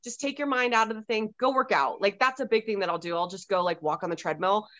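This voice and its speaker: A woman author talking candidly on a podcast, swearing freely and breaking into animated outbursts. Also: mid-range voice, fast talker, no echo, dull audio. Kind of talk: casual podcast chat.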